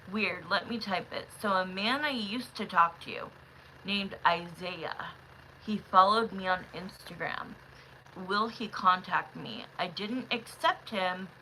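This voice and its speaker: A woman reading tarot on a live stream, chatting casually with viewers, calling them love and honey, with sudden loud excited bursts. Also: medium pitch, slight background noise, low-quality recording. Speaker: livestream tarot reader.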